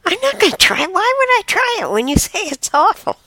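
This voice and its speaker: A woman voicing two bickering cartoon raccoons in a high, squeaky, excited voice. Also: fast talker, dry recording, exaggerated voice. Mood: squeaky, insistent.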